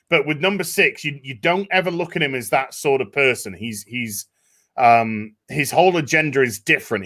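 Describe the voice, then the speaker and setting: Bright-voiced man chatting. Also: medium pitch. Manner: animated, acts out quotes in voices. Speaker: podcast host. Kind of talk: casual discussion.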